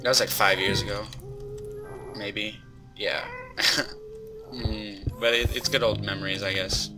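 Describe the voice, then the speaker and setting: A young man hosting gameplay commentary, excitable and full of startled exclamations. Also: lowish voice, a little slow, music in the background. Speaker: host.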